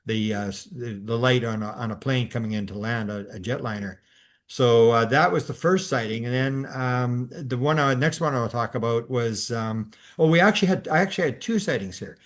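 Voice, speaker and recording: Older male podcast host, mid-range pitch, loose storyteller who rambles and restarts often. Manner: rambling, many restarts and fillers. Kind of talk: casual storytelling chat.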